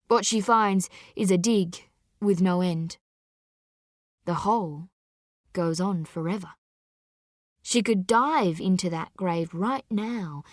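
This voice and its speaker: A woman narrates a dark story with intense, deliberate delivery. She takes her time, letting each short phrase land. The sound is dry and close, with no room around it. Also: medium pitch, no echo.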